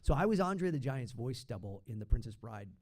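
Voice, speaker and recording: A man's voice: medium pitch, very animated, fairly quick, a crowd in the background. A man, a voice actor guest on a podcast, chatting casually and slipping into impressions.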